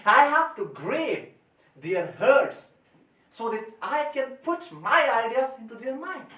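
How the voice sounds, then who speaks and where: A teacher with a very high-pitched voice lectures his students slowly but with forceful energy, repeating his points and swinging his pitch in big, emphatic rises and drops. He sounds a little distant from the mic, and the classroom rings with echo.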